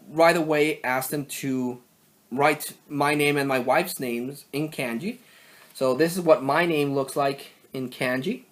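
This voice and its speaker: A young man casually showing off his collection in a vlog, rambling with many fillers and self-corrections. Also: on the high side. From Mexico. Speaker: collector vlogger. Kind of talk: casual show-and-tell vlog.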